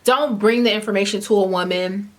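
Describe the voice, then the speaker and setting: A woman in her twenties telling a casual story-time tale at home, chatty and animated, filling her talk with "like" and "you know what I'm saying". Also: mid-range voice, brisk. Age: 20s. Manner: eats while talking at times.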